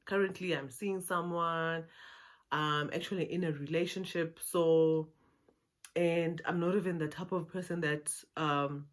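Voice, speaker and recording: A woman's voice: sits low, fairly even intonation, measured pace. A South African woman quoting a polite, honest young man in her own voice, earnest and explaining.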